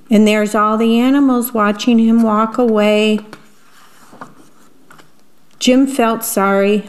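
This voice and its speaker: A woman reading a picture book aloud to children, gently describing each picture as she goes. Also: mid-range voice.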